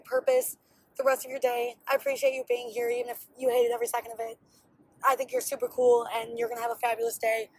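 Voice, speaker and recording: A woman's voice: high-pitched, no echo, rough recording. A young woman in her twenties hosting a casual solo podcast, telling stories in a chatty, bubbly way full of "like". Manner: chatty and bubbly, heavy use of "like". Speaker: podcast host.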